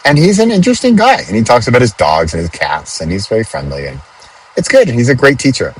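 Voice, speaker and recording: A man hosting a podcast, talking casually from a car on a highway and thinking aloud with frequent restarts. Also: wildly swooping pitch, fast, slight background noise, rough recording. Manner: chatty, thinks aloud with restarts and self-corrections. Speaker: podcast host. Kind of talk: casual spoken reflection.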